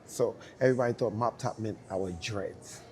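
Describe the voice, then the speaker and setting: A man's voice: lowish voice, normal speed, slight background noise. A man telling a story in an interview. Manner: animated, laughing often, acts out quoted voices. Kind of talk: storytelling anecdote.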